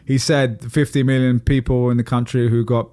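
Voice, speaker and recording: In dry, studio-quality sound, a male podcast co-host speaks at a moderate pace with a flat, mellow, medium-pitched delivery. He's chatty and laughs readily, guiding the casual conversation and quizzing his co-host.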